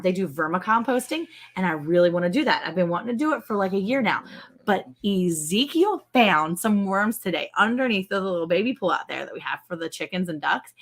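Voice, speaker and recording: A woman co-hosting a casual livestream, chatty and animated, laughing often. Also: mid-range voice. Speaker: livestream co-host.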